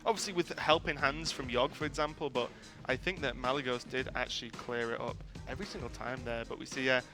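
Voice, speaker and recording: A man calls a live esports match in quick, chatty play-by-play, dropping fillers between points. Clear background music plays under him at the tournament venue. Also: medium pitch, fairly even intonation. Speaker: esports caster.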